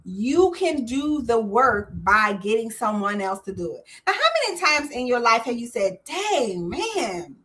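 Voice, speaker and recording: Bright, emphatic woman hosting a call-in. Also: a little high, moderate pace, hardly any pauses. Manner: energetic, emphatic, talks straight to the audience. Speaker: host of a call-in show on government contracting. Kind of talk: live call-in stream, direct to viewers.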